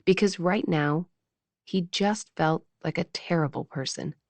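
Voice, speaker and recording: A woman narrating a romance audiobook in a measured, intimate reading style on a close mic. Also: lowish voice, vocal fry, a little mellow, no room sound.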